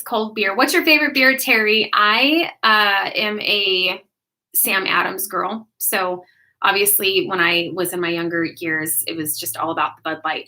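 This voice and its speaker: An American woman hosts a casual livestream, her voice bright and forward. She chats warmly with viewers and laughs often while answering their comments. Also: fairly low pitch. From United States. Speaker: livestream host.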